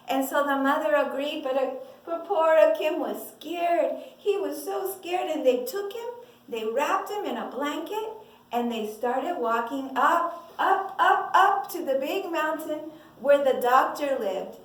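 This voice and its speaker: High-pitched woman telling a kids' story, super expressive, echoey room, mic far away. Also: a little slow. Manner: lively, expressive, asks the listeners questions. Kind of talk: animated children's story telling.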